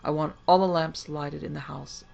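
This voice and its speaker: A woman's voice: sits low, fairly even intonation, moderate pace, vocal fry, darkish tone, highs cut off, faint music behind. A woman voicing a stern male Union officer who gives curt, commanding orders.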